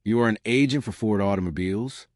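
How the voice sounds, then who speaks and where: A man voicing a shrewd, precise detective who speaks politely and in a measured way. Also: fairly low pitch, darkish tone, no echo, studio quality, close to an everyday voice.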